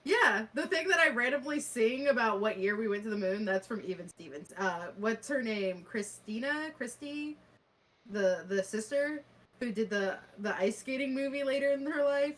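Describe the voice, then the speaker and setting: A woman's voice: fairly high pitch, moderate pace, a bit bright. A young woman co-hosting a casual podcast chat, laughing often as she talks. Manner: giggly, laughs often while talking. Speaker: podcast co-host.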